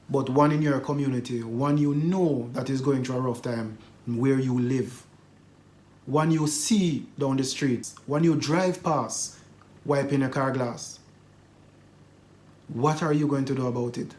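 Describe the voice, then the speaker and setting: A man hosting a news commentary channel, speaking in a measured way and posing rhetorical questions to viewers. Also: mid-range voice, a little mellow, roomy sound.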